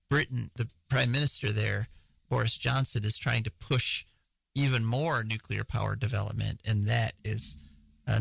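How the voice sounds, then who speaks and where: A man's voice: medium pitch, vocal fry, a bit bright, no echo, poor audio. A man hosting a radio show, chatting casually through the news with frequent fillers and laughs.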